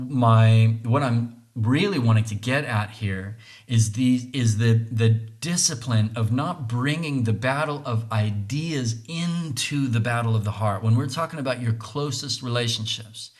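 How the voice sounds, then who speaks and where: Podcast host, male, earnest reflective monologue, restarts phrases, tags lines with "right?". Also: mid-range voice.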